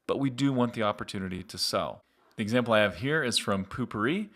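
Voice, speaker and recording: Middle-aged male host, upbeat conversational tutorial delivery, mid-pitched voice. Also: fairly bright tone. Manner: upbeat, conversational, direct to viewer. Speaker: marketing agency host. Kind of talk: explanatory marketing tutorial.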